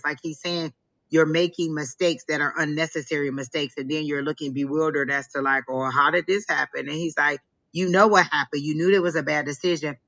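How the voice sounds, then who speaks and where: A woman's voice: sits low, sharp tone, dull audio. A woman co-hosting a live stream and giving a psychic reading, talking in a rambling way with many "like"s. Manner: rambling, heavy use of "like". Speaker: psychic reader and co-host.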